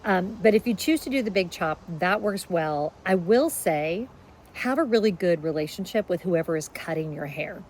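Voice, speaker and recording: A woman's voice: lowish voice, expressive, normal speed, slight background noise, low-quality recording. A middle-aged woman, talking casually to camera in a chatty vlog. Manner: chatty, warm-hearted, emotional in places. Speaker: vlogger.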